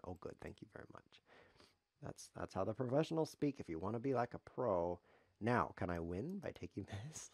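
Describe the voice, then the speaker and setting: A man's voice: lowish voice, animated, moderate pace, darkish tone, no room sound. A man commenting live on his own chess game as a streamer, sarcastic, self-mocking and grumbling.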